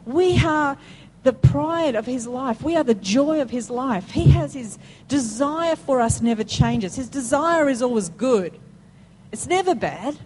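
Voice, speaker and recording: A woman delivering a sermon in a high, bright-pitched voice, pressing her points with emphatic repetition. She climbs into excited peaks as she calls out questions and answers. A faint ambient noise sits under the recording. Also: a little slow, low-quality recording. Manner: emphatic, rising to high call-and-response peaks. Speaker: preacher.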